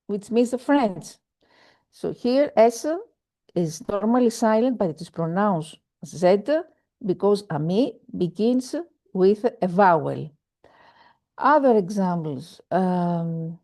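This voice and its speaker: A woman leads a French lesson over a video call, talking slowly with a mellow, darkish tone. She stops often on fillers and goes back over each example. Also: mid-range voice, lively intonation. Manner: slow, hesitant, many fillers, repeats examples. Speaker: French teacher. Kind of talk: online language lesson.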